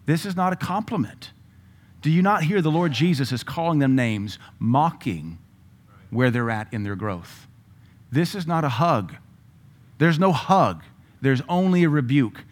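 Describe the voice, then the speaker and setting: A man's voice: on the high side, animated, measured pace. Emphatic middle-aged male preacher. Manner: emphatic, rising to loud bursts when quoting scripture. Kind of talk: sermon.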